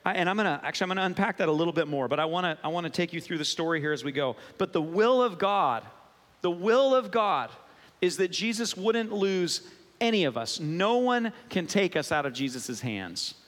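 A pastor gives a sermon in a chatty, playful manner, tossing asides to his congregation. His man's voice sits a little high, and his words ring out through the long reverb of a church sanctuary. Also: animated, a little fast, fairly bright tone. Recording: long reverb of a large hall.

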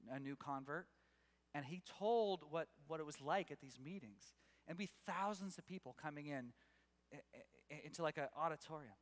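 Male pastor, high bright voice, animated storyteller who stumbles and restarts; long hall reverb. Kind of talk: sermon.

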